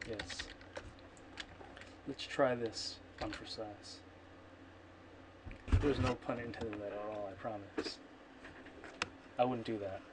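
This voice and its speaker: Slow and steady, with long pauses, a man with a fairly low voice streams his programming and thinks aloud, muttering and correcting himself as he rambles. Background noise, keyboard typing and clicks come through his computer microphone in this casual coding screencast.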